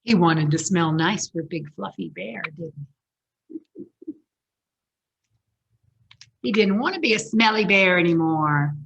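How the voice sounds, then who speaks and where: A woman's voice: lowish voice, slow pace, vocal fry, long pauses, highs cut off, slight background noise. A woman librarian reading a picture book aloud at a children's story time, asking the kids questions as she goes. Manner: animated, asks the children questions.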